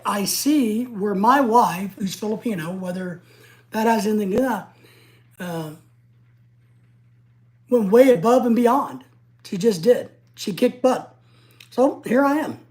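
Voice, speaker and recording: A middle-aged woman from the United States hosting a casual livestream, ranting in an excitable, blunt and profane way. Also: mid-range voice. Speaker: livestream host.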